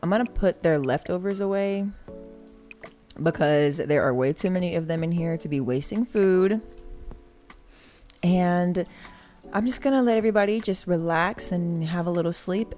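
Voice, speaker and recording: A woman's voice: lowish voice, darkish tone. A young woman giving chatty, giggly commentary on her game, talking to viewers as y'all. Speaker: gaming channel host. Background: game music.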